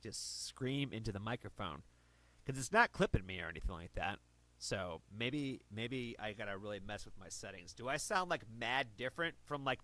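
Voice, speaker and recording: A man's voice: mid-range voice, bright, forceful tone. A man casually chatting to viewers on a livestream, rambling and correcting himself while he talks close into his own streaming mic. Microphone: own streaming mic, adjusted close.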